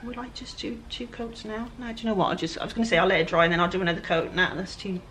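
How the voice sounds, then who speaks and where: A woman's voice: mid-range voice, steady tone, very fast, fairly bright tone, a little hiss or hum, low-quality recording. A woman with a Welsh accent chatting casually and self-deprecatingly to viewers while she paints furniture outdoors. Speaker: furniture flipper. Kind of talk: casual DIY vlog narration. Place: outdoor work area with flies.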